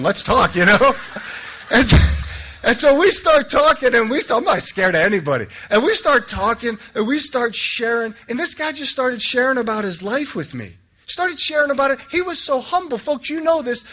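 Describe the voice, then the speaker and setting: A young man, a Catholic priest, giving a sermon full of jokes and stories, acting out the voices of the people in them. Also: extremely high pitch. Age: young adult. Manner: animated, joking, acts out voices in his stories. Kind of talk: storytelling sermon.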